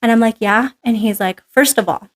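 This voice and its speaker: A woman's voice: fairly high pitch, fairly quick. Chatty New woman storyteller. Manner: animated storyteller, filler-heavy "like", acts out quotes. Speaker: podcast guest. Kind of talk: casual interview chat.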